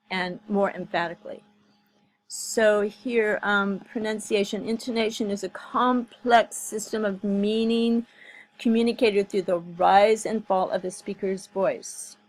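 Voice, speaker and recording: A woman giving casual commentary in a vlog. She speaks in an unhurried, deliberate way and often stops to search for her words with fillers. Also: medium pitch, rough recording. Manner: slow, thoughtful, many fillers and restarts. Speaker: commentary vlogger. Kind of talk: casual commentary on a video clip.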